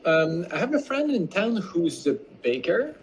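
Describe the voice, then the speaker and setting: A man with a French accent chatting casually while baking, relaxed and self-deprecating, often laughing through his stories. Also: sits high, measured pace, slight background noise, rough recording. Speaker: home baker and co-host.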